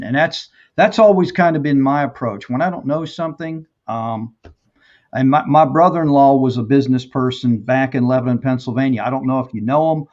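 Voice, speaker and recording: A man hosting an interview, sharing his view in a reflective, measured way. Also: medium pitch, a little mellow. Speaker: interview host. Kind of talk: casual interview talk. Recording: dull, lo-fi audio.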